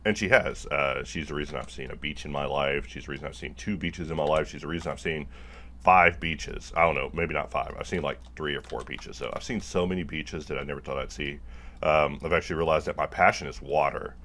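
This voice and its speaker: A man's voice: extremely low pitch, a little fast, bright, forceful tone. A man talking casually to the camera while he works, joking about himself and wandering off topic, with many fillers. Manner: self-deprecating, jokey, rambling with many fillers. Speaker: video maker working on a project. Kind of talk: casual rambling monologue while working.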